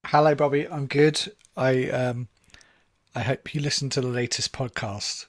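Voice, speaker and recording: Male podcast guest, easygoing, mid-pitched, laughing along. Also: steady tone, normal speed, crowd noise. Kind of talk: casual podcast chat. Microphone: video call.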